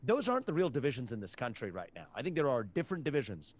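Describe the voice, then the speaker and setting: A man speaking as a political candidate, giving measured, assertive interview answers in a clip. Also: medium pitch, wildly swooping pitch, no echo.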